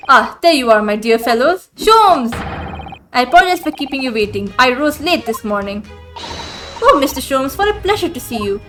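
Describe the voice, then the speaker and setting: A woman voicing a flamboyant, self-assured gentleman detective with a breezy, theatrical manner. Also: very high voice, very animated, a little fast, soft background music, heavily acted.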